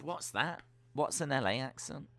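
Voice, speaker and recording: A man's voice: medium pitch, animated, normal speed, creaky, pushed and bright. A man hosting a live wrestling watch-along, chatting in a rambling, playful way. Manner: rambling, playful, thinking aloud. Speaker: stream host.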